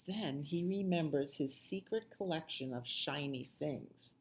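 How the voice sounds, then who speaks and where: A woman librarian reading a picture book aloud at children's storytime, with soft asides to the kids. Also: low-pitched, expressive. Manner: slow, sing-song, with soft asides to the children.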